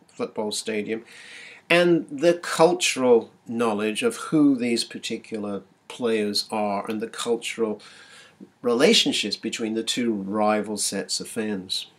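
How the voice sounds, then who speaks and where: A man lecturing to a class, his voice sitting at an ordinary middle pitch. He talks unscripted and halting, full of fillers and restarts, and he lifts his voice to sing out short chants as examples. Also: slightly rough. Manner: many fillers and restarts, chants sung out in a raised voice. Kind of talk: recorded university lecture.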